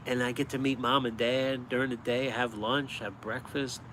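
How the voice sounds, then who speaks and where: A man's voice: mid-range voice, moderate pace, a little hiss or hum. Chatty upstate New York man, outdoors. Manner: animated storyteller, chuckles often. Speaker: cartoonist streaming live. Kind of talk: casual live-stream chat. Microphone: phone held vertically.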